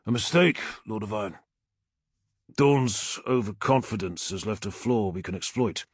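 A determined armored officer, as a male narrator puts him on pushes his case with urgent, husky force. His pitch rises and swings as he presses on. The read is dry and close. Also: moderate pace, dry recording.

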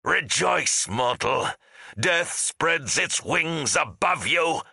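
A man's voice: a little high, lively intonation, drawn-out words, creaky, pushed and bright, breathy edge, no room sound, studio quality, pitched above the performer's own voice, exaggerated voice. A man voicing a bodiless male wraith that gloats over the living in grand, menacing proclamations. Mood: exultant.

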